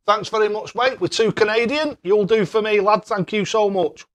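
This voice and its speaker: A man's voice: high-pitched, normal speed. A young man hosting a live stream, chatting casually and thanking viewers by name. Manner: cheery, excitable.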